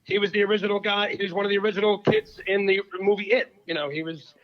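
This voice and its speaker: Comedian guest, man, high voice, joking and rambling, muffled lo-fi recording. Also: quick pace. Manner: jokey, rambling, excitable. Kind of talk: casual chat. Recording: dull lo-fi sound.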